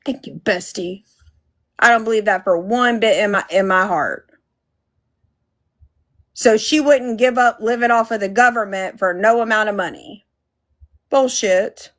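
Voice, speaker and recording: A woman's voice: fairly high pitch, a bit bright. A woman hosting a casual live commentary stream, blunt and profane, thanking viewers by name. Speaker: livestream host.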